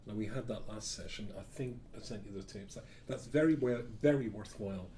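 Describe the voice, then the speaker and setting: A man's voice: lowish voice, fairly quick, dark tone. Man, rabbi, informal class, rambling, self-correcting, dry asides, faint background noise.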